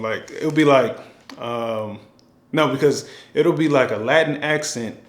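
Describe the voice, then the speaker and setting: A man talking casually at a middle pitch, thinking aloud and circling back with fillers and restarts. His voice carries a noticeable echo from the room. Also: measured pace. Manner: rambling, with many fillers and restarts. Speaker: film director. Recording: echoey room.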